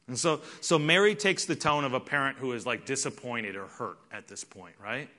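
A middle-aged man preaching a conversational, animated sermon and acting out the people in the story. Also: mid-range voice, normal speed, hardly any pauses. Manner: conversational, animated, acts out quoted voices. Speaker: pastor.

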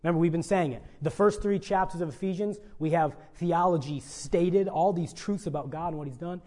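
A man preaching a sermon as pastor, earnest and pleading, with swings between loud emphasis and quiet asides. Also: a little high, fairly quick.

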